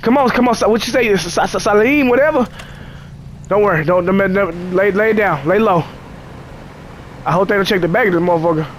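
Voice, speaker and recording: Guy playing a game and talking to the characters, jokey, swears a lot, pretty high voice. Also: fairly quick, long pauses, slight background noise. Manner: joking, profane chatter to the game characters. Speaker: gamer. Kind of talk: casual gameplay commentary.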